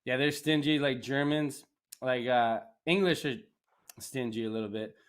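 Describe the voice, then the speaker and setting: A man from Canada chatting casually as a podcast host, rambling and animated, laughing often. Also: mid-range voice, normal speed, smooth. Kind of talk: casual chat.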